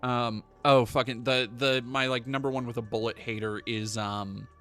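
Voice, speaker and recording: A man's voice: medium pitch, flat delivery, moderate pace, fairly bright tone, faint music behind. A man streaming casually, rambling and swearing as he reads chat aloud.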